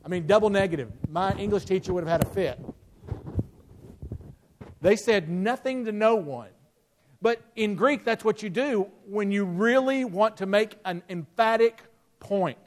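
A man's voice: high-pitched, normal speed. A middle-aged male pastor preaching a sermon in a conversational way, with rhetorical questions and frequent restarts.

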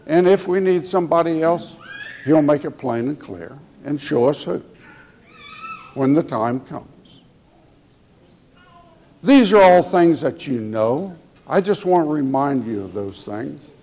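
A man preaching a sermon in a church, speaking slowly and getting emotional as he tells the congregation he loves them. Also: a little high, a little mellow. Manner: slow, emotional, tender preaching. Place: church sanctuary. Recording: long hall reverb.

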